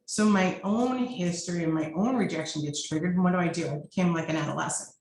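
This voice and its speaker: A woman's voice: on the low side, fast talker, few pauses, darkish tone. A middle-aged woman therapist talking over a video call, explaining in a conversational way and often checking in with the listener. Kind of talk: conversational teaching talk. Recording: echoey room with faint noise.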